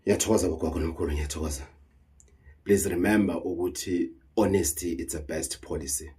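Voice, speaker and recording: In a brisk, emotional monologue to camera, a South African traditional healer speaks heatedly and earnestly, repeating words and slipping into Zulu. His voice sits low and stays steady, warm and husky.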